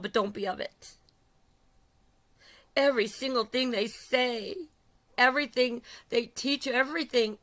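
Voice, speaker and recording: A middle-aged woman delivers an urgent, repetitive sermon with a gravelly, creaky edge to her voice. Her pitch sits somewhat high for a woman, and she presses harder and harder as she goes. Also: pushed and bright. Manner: urgent, repetitive, rises in intensity. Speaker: preacher. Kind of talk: impassioned religious sermon.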